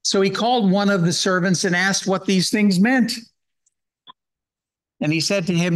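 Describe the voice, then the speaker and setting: A man's voice: high-pitched, normal speed, pauses often, rough recording. A man giving a Bible-hour sermon, earnestly reading scripture and explaining it verse by verse. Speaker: guest speaker at a Bible hour.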